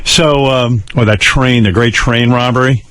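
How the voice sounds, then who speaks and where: A man's voice: medium pitch, steady tone, unhurried, a bit bright, no room sound. An older man hosting a radio show, telling personal stories in a blunt, profane, wry way. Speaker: radio host. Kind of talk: candid storytelling on talk radio.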